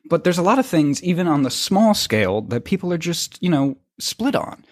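A man hosting a podcast in casual chat, easygoing and thinking out loud with lots of fillers. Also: on the high side, big pitch swings, moderate pace, no echo, studio quality. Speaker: podcast host.

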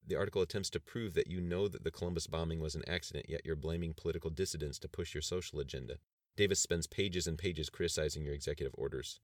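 Guy reading as a brisk no-nonsense lady chief of staff, low and quick. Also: dry recording, studio quality. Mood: briefing. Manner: brisk, matter-of-fact reporting. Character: briefing woman chief of staff.

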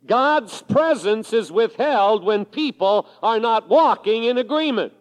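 A man preaching a sermon to his congregation, reading scripture aloud in a measured way. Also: high-pitched, expressive. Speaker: pastor. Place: large church sanctuary. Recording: 1980s sermon recording with long hall reverb.

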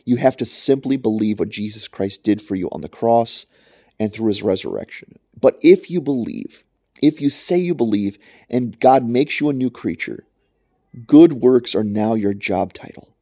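A man's voice: medium pitch, lively intonation, moderate pace, warm tone, no echo. A man preaching a short podcast sermon into a close mic, emphatic and repeating his points for stress. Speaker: pastor.

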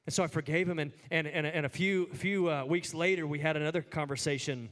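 A man preaching a sermon in a conversational way, full of "like" fillers, who climbs high and emphatic at the peaks. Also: steady tone, fairly quick, fairly bright tone. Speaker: pastor.

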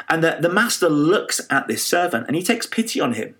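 A man preaching a sermon, retelling a parable with lively storytelling, frequent fillers and restarts. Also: fairly high pitch, brisk. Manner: animated storytelling with many fillers and restarts, acting out quoted voices.

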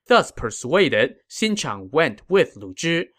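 Lively male history storyteller. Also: on the high side, slow, few pauses. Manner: storytelling with casual asides. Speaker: history podcast host. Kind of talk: scripted history narration.

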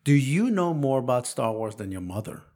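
A man's voice: mid-range voice, very animated, normal speed, a little mellow. A man in his forties hosting a casual podcast, quizzing his young son playfully and teasing with frequent laughs. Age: 40s. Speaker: podcast host and father.

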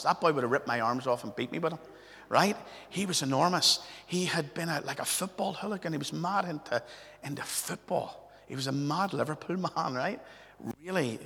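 Gravelly, bright-voiced pastor. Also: male voice, medium pitch. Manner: chatty, anecdotal, tags lines with "right?". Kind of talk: storytelling sermon. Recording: long hall reverb.

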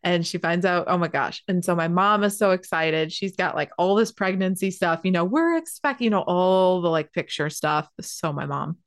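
A woman's voice: fairly low pitch, moderate pace, hardly any pauses, no echo, clean studio sound. Chatty pregnant woman with a twang. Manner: chatty, animated, swears freely, says "like" a lot. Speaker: spiritual healer sharing a personal story. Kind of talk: casual storytelling to an audience.

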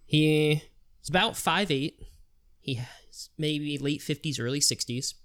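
A man's voice: on the high side, unhurried. Guy on a podcast telling a funny story, swears a lot, does little voices for people. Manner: animated retelling with quoted voices, swearing. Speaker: podcast host. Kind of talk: casual storytelling chat.

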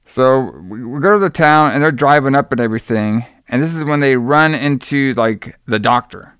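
A man co-hosting a horror-movie podcast recaps plot points in a loose, rambling way, laughing and swearing as he goes. His voice is smooth and clear. The recording is dry and close to the mic. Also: medium pitch, moderate pace, fairly bright tone, no room sound. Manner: rambling, profane, laughs often. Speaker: podcast co-host. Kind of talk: casual movie-review chat.

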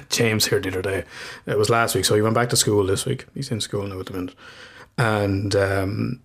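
A man's voice: fairly low pitch, steady tone, normal speed, creaky, a bit bright. Man telling stories over casual chat. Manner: swears freely, storytelling with laughs.

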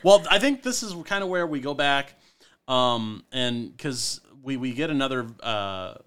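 A man's voice: medium pitch, lively intonation, unhurried, a bit bright, smooth. A man co-hosting a podcast, enthusiastically recapping a horror film and swearing freely. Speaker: podcast co-host. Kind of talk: casual movie recap chat.

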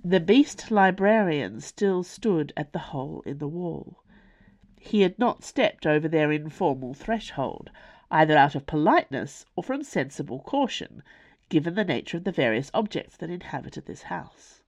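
A woman narrating her own novel in a wry, expressive storytelling manner. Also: deep voice, normal speed, no room sound. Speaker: author and narrator. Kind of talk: audiobook narration.

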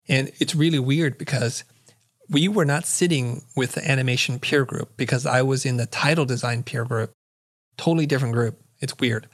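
A middle-aged man, a guest in an interview, telling a story in an animated way and acting out the lines of the people in it. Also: medium pitch, normal speed. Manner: vivid storyteller who acts out quoted dialogue.

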